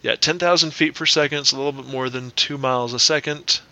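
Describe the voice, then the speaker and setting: A man's voice: medium pitch, steady tone, quick pace, pushed and bright, no room sound. A man in casual podcast chat, working through numbers aloud and double-checking himself.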